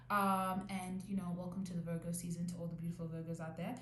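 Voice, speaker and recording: A woman's voice: fairly low pitch, little pitch movement, a little fast, hardly any pauses. A young woman hosting her own casual podcast, rambling and restarting as she goes. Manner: rambling, self-correcting, restarts often. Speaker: podcast host. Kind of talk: casual solo podcast talk. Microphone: new podcast mic. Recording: echoey room, faint background noise.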